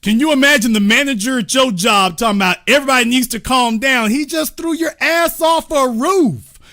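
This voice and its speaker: A man's voice: very high voice, fairly quick. A man hosting a show, giving casual, joking commentary on a video and talking straight to his viewers. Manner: animated, joking, talks to viewers as y'all. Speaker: host.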